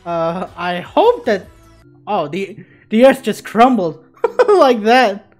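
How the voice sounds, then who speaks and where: A woman playing a video game, giving casual commentary in an excitable way, swearing freely. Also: medium pitch, slow pace, faint music behind. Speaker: let's play gamer.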